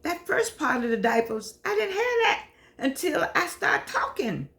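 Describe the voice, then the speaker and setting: A woman's voice: very high-pitched, big pitch swings, unhurried, gravelly, a bit bright. An older woman, a professor hosting her own show, talking emotionally and preachily to camera, repeating herself, calling on the Lord, and near tears. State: teary. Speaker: show host and humanities professor. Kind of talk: casual heartfelt monologue to camera.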